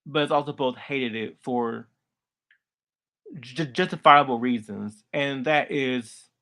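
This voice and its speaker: A young man giving casual cartoon commentary, halting and heavily repetitive as he talks. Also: medium pitch, pushed and bright. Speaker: video commentator.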